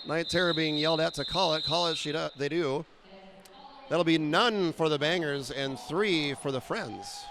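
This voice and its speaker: A man calling live roller derby action with a slightly high voice and a quick, wry delivery. He fills gaps with "uh" and jokes at his own expense. Faint venue noise sits behind him. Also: fairly bright tone. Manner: quick, wry, self-deprecating play-by-play with frequent "uh" fillers. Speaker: play-by-play announcer. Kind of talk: live sports commentary.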